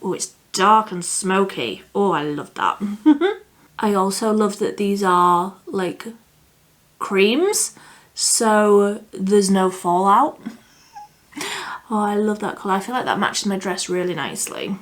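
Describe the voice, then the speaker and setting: A woman's voice: medium pitch, animated, takes it slowly. A young woman chatting through a makeup tutorial, thinking aloud and laughing at herself. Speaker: beauty vlogger. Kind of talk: casual makeup tutorial chat.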